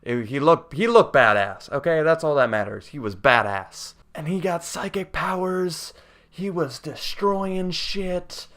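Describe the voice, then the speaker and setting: A man's voice: fairly high pitch, a little slow, a bit bright. A young man giving a casual video game review in a rambling, profane, jokey way.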